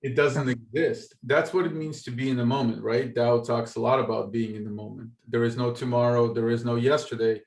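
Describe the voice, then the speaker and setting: A man co-hosting a casual podcast, agreeing and reflecting calmly on being in the moment. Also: mid-range voice, brisk, hardly any pauses. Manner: agreeable, reflective, adds brief affirmations. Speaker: podcast co-host. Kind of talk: casual chat. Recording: echoey room.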